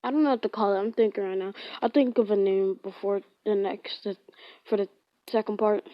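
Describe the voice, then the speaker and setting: A woman's voice: medium pitch, steady tone, brisk, no room sound. A woman casually retelling a fan-fiction story, rambling, with lots of filler words and frequent self-corrections. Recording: dull lo-fi.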